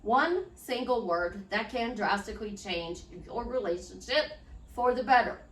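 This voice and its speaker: A woman's voice: mid-range voice, animated, a little slow, a bit bright. A woman life coach chatting in an unedited, upbeat vlog, promoting herself and talking straight to her viewers. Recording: echoey room, distant mic.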